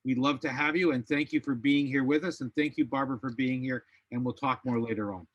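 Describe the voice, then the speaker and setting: A man acting as service organizer, making announcements in an unhurried way, halting with fillers. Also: medium pitch, fairly even intonation, no room sound, muffled recording.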